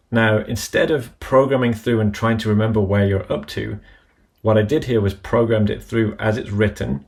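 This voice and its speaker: A man with a low, gravelly voice explains each step of a software tutorial in a measured, methodical way. He works through the instructions one item at a time, in a plain instructional tone. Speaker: app tutorial presenter. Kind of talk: screen-recorded software tutorial.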